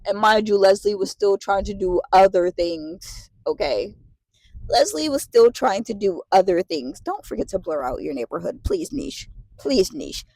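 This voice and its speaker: A woman in her late twenties telling a story to the camera, animated and profane, repeating herself as she vents. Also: medium pitch, normal speed, no room sound, rough recording. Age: late 20s. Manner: animated, profane, repetitive venting. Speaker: vlogger.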